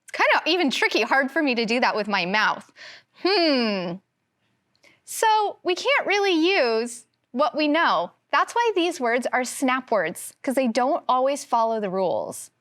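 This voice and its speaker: A woman teaching a first grade phonics lesson, slowly sounding out words for young children. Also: on the high side, a bit bright. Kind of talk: televised classroom phonics lesson.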